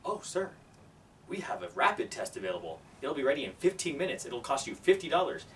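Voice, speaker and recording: A man's voice: on the high side, sing-song, fairly quick, a bit bright, pitched above the performer's own voice. A man putting on the voice of a polite, helpful clinic staffer taking a call. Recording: distant mic, faint background noise.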